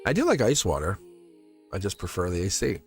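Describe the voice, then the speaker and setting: A man's voice: low-pitched, huge pitch swings, brisk, soft background music. A man hosting a live tarot reading in casual spiritual talk, rambling and repeating phrases, chuckling often. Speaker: tarot reader livestream host.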